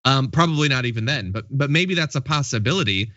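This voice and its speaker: A man's voice: mid-range voice, expressive, fast talker, pushed and bright, dry recording, highs cut off. A man in his thirties hosting a political talk show, thoughtful and wry, asking questions and reasoning aloud. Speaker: show host.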